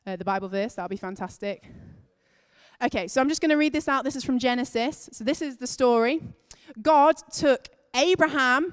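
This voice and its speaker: A woman giving a lively children's talk in church, telling the story with emphasis and stretching key words. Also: high-pitched, fairly quick, clear, resonant tone. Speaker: children's and families leader. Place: large church hall. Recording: long reverb of a church hall.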